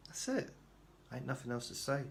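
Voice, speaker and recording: A man's voice: medium pitch, very animated, moderate pace, gravelly, heavy background noise. A man talking casually to camera in a rambling, self-deprecating way, often restarting his sentences. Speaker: vlogger.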